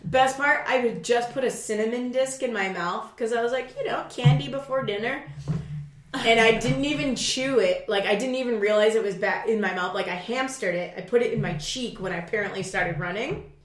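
A woman telling a story in a casual chat, profane and animated, acting out her own shouting. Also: on the high side, fairly quick, over a noisy crowd. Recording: roomy echo.

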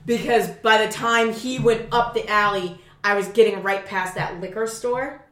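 A woman telling a story in a casual chat, profane and animated, acting out her own shouting. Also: medium pitch, moderate pace, crowd noise. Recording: roomy echo.

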